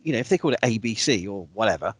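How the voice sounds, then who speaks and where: A man who lectures and hosts, talking in a casual interview with an animated manner and outbursts of exasperation. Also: fairly low pitch, racing, noisy background. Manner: animated, exaggerated rise on quoted lines. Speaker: lecturer and podcast host.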